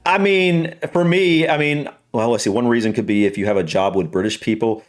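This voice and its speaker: A man's voice: mid-range voice, a little fast, soft background music. An American man hosting a reaction video, chatting casually from an upstairs room at home in a rambling way, full of fillers and restarts. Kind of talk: casual chat.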